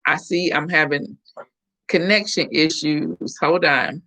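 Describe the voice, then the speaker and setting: A woman's voice: low voice, slow pace, sharp tone. Chatty middle-aged woman from Florida, storytelling. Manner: chatty storyteller, acts out quoted voices. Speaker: live-stream host. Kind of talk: casual chat with viewers.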